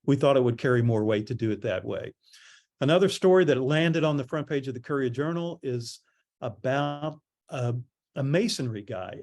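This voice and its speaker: A middle-aged man giving a conference presentation on public relations, telling stories in a relaxed, conversational way. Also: on the high side. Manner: conversational storytelling, animated quoting.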